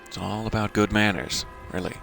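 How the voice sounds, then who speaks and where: A man's voice: fairly low pitch, steady tone, moderate pace, creaky, a bit bright, a little hiss or hum. A man streaming a video game live, commenting in a playful, mock-formal joking way.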